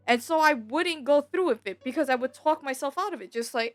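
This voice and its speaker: A woman's voice: sits high, animated, normal speed, hardly any pauses, a bit bright, faint music behind. A young woman gaming YouTuber talking candidly at home in a rambling, confiding way, full of fillers and restarts. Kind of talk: candid personal vlog talk.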